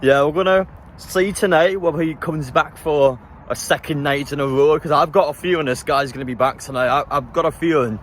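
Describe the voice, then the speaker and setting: A man's voice: on the high side, a little fast. Brief: young man, phone vlog, fed-up rants, slight background hiss. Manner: exasperated, swearing, muttering at night. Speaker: vlogger. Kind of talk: casual vlog talk to camera. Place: hotel room at night.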